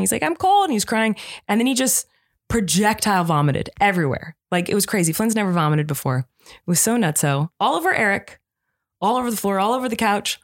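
A woman in her thirties co-hosting a podcast, telling family stories in a chatty, laughing way. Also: medium pitch. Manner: chatty storytelling, laughs often. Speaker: podcast co-host. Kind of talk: casual chat.

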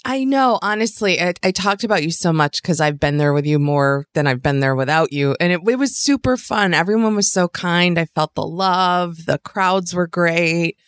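A woman's voice: lowish voice, animated, moderate pace, few pauses, clean tone, no room sound. A woman comedian co-hosting a podcast in casual chat, bubbly and gushing.

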